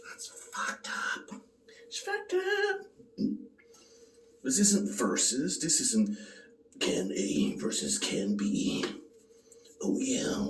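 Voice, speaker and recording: A man's voice: fairly low pitch, echoey room, recorded from a distance, a little hiss or hum. A man casually tasting and reviewing a beer on his vlog, joking and swearing as he rambles.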